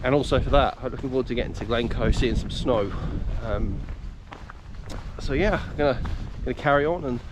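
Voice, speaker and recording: A man's voice: mid-range voice, a little fast. A man narrating a casual hiking vlog outdoors on a trail, talking in a rambling, hesitant, self-deprecating way as he walks. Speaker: hiking vlogger. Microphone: camera mic exposed to wind. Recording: windy outdoor camera audio.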